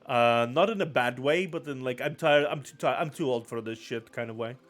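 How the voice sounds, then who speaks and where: A man's voice: mid-range voice, a little fast, soft background music. A man streaming live, giving casual, rambling commentary and often repeating his own phrases.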